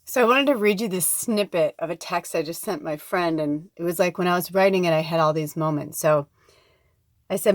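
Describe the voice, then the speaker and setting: A woman's voice: lowish voice, brisk, dry recording, clean studio sound. A woman talking to her viewers in a rambling, heartfelt personal vlog, moving between laughter and near tears. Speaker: spiritual vlogger.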